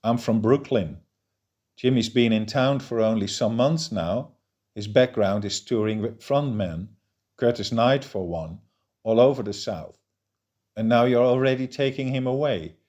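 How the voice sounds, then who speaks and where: A man's voice: mid-range voice, a little slow, a little mellow, close to an everyday voice. Guy doing a pushy brooklyn dude, blunt, keeps needling. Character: middle-aged New Yorker from Brooklyn, pushy.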